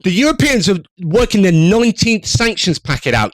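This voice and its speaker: A man's voice: high voice, sing-song, normal speed, dry recording. A man giving angry, sarcastic news commentary over clips, swearing and ranting.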